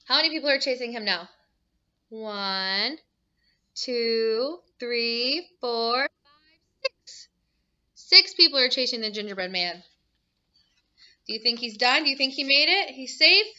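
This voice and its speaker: A woman teacher reading a picture book aloud to children, animated and asking them questions. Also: on the high side, unhurried, pauses often, dull audio. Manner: animated, asks the listeners questions.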